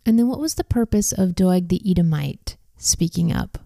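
Low, mellow woman leading Bible study. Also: vocal fry, dry recording, studio quality. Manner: calm, questioning, measured. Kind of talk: scripture reading with discussion questions.

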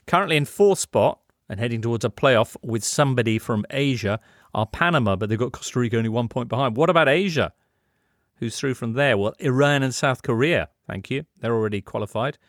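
A man hosting a sports show, brisk and chatty as he runs through results and brings in guests. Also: mid-range voice, dry recording, studio quality. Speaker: host. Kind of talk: sports radio presenting.

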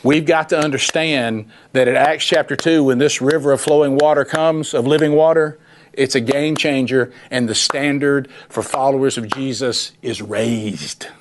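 A man leads a Bible study and teaches in a relaxed, conversational way. He is folksy and animated, and he slips into quick impressions of the people in the scripture he reads. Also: medium pitch, slight background noise. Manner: folksy, animated, acts out voices of Bible figures.

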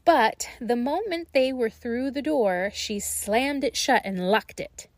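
A woman reading a fairy tale aloud in a slow, gentle and expressive way. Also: fairly high pitch, no room sound. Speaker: storyteller.

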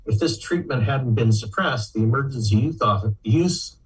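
An older man answering interview questions in a measured way, with hesitations and fillers. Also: mid-range voice, lively intonation, slightly rough, recorded from a distance, poor audio. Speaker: guest researcher.

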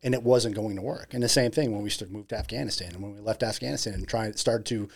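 A man's voice: fairly low pitch, fast, creaky, husky. A middle-aged man as an interview guest in casual chat, reflective and earnest, often restarting his sentences.

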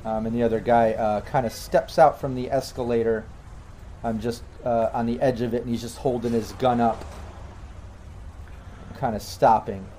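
A man's voice: medium pitch, steady tone, normal speed, dark tone, a little hiss or hum. A man running a tabletop game as game master, narrating loosely with many fillers and restarts.

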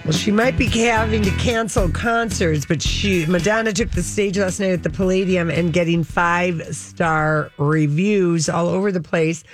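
A woman's voice: fairly low pitch, moderate pace, hardly any pauses, soft background music. A woman hosting an entertainment news segment on the radio, gossiping casually and reading out press quotes.

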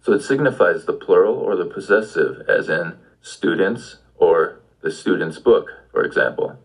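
A man's voice: low-pitched, big pitch swings, normal speed, husky, poor audio. A man giving an audio language lesson, patiently prompting the listener with questions. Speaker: language teacher.

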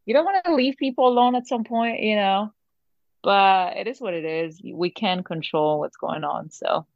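A woman's voice: medium pitch, moderate pace, creaky, no room sound, muffled recording. A young woman with a French accent, raised in France, chatting casually as an interview guest and laughing often. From Lebanon, raised in France. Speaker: guest, singer.

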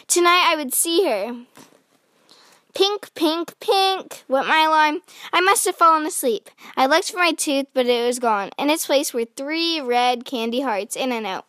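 A woman's voice: sits high, no echo, clean studio sound. A woman hosting a read-aloud, narrating a children's picture book expressively. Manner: bright, expressive storytelling. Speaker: host reading children's books.

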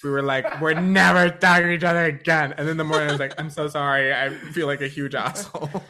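A young man chats and shares candid stories, laughing along as he goes. His voice sits a little high. The tone is casual and easygoing. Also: steady tone, bright, forceful tone, slight background noise. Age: young adult. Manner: candid, laughing, quick storytelling. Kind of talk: casual video chat.

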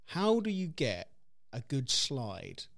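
Man, mid-pitched voice, relaxed wry tone, casual co-host chat. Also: takes it slowly, creaky. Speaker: podcast co-host.

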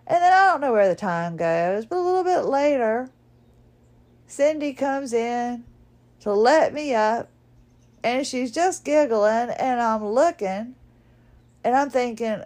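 With a slightly high, animated voice and a darkish tone, the podcast host speaks slowly about something from her own life. She's recovering from illness and wears a neck collar, keeping things chatty and laughing at her own expense.

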